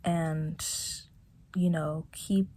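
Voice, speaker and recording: A young woman vlogging reflectively from her bedroom, talking softly and haltingly with many fillers and restarts. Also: deep voice, steady tone. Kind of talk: reflective personal vlog.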